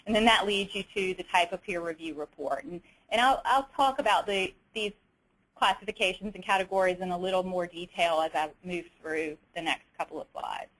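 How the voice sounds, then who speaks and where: A woman's voice: lowish voice, a little fast, a bit bright, poor audio. A woman with a Southern US accent presenting a webinar, walking methodically through slides with frequent fillers and restarts.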